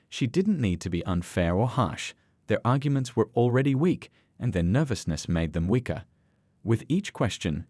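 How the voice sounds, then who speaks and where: Brief: male narrator for a drama story, low, expressive pitch. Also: no room sound.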